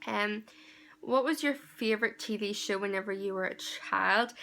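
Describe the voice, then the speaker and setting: Chatty young Northern Irish woman, bright voice. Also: fairly high pitch, fairly even intonation, moderate pace. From Northern Ireland. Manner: chatty, rambling, laughs often with many ums. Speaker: vlogger. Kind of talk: casual Q&A vlog.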